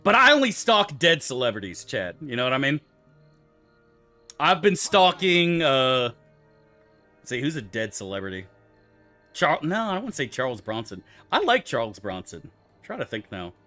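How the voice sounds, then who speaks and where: A man's voice: medium pitch, sing-song, normal speed, long pauses, sharp tone, soft background music. A man streaming a game, answering his chat in loose, profane, rambling banter. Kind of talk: casual livestream chat, answering chat.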